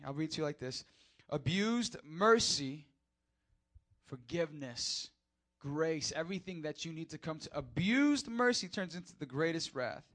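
A young man preaches to his church with a voice pitched a little high for a man. His delivery is casual and lively, dropping to quiet asides and then rising to loud, shouted peaks. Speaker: pastor. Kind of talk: youth church sermon.

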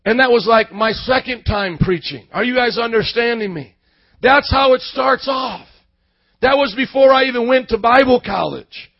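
A man preaching, telling his story in a sermon, from quiet storytelling up to shouted passion. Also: extremely high pitch, moderate pace, creaky, hardly any pauses, dry recording, highs cut off. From Indiana suburb. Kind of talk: sermon testimony.

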